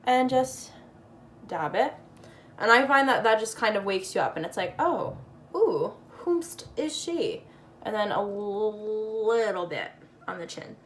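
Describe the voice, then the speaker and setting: A woman's voice: medium pitch, a little slow, noisy background. A woman casually talking through a makeup tutorial, chatty and playful with slangy asides.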